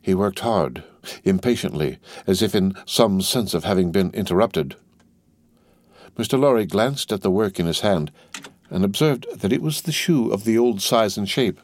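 A man narrating an audiobook in a measured, steady reading voice. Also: on the low side, no echo. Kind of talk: scripted narration.

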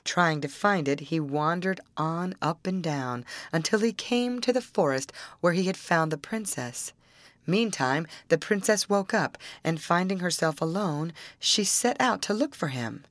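A woman reads a fairy tale aloud in a lower register, her voice moving a lot in pitch as she tells the story. The sound is dry and close, with no room around it. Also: unhurried, no room sound. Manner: expressive, acting out the characters in raised voices.

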